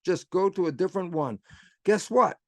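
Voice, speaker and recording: An older man, a guest speaker, telling a story in an animated way with repeated emphasis over a video call. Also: high voice, moderate pace, dry recording. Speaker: guest speaker answering questions. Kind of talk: storytelling talk.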